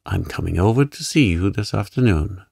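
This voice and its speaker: Give me a playful young gentleman, read by a man with a low, gravelly voice. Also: a little slow, dry recording, studio quality, heavily acted. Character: charming idle young gentleman artist, playful.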